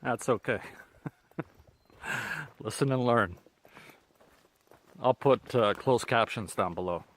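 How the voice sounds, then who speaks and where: Out on a lakeside trail, a Canadian-accented man narrates his hike to a handheld camera in a casual, chatty way, chuckling frequently. His mid-range voice moves slowly, with many pauses.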